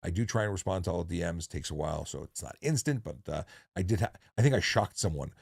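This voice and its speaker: A former police officer hosts a casual livestream in a low, fry-edged voice. He talks jokily and rambles, circling back and correcting himself often. His voice sounds close and dry, with no room sound around it. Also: animated, fast, a little mellow, no echo. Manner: jokey, rambling with many restarts.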